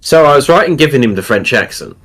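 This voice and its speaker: A man's voice: mid-range voice, expressive, fast talker, fairly bright tone. A man joining in on a stream over voice chat with dry, teasing banter.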